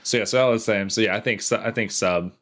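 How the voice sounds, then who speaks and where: A man's voice: quick pace, a bit bright. A man co-hosting a podcast in casual chat, with a dry, laid-back manner. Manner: dry, laid-back, low-key delivery. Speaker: podcast co-host.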